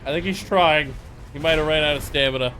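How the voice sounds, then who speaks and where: A man streaming a co-op game, in casual, joking banter with quick callouts. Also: on the high side, pushed and bright, slight background noise.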